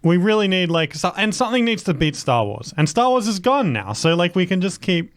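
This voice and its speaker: A man co-hosting a casual comedy podcast, tossing out playful ideas in a halting way. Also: high voice, big pitch swings, dry recording, clean studio sound. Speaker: podcast co-host.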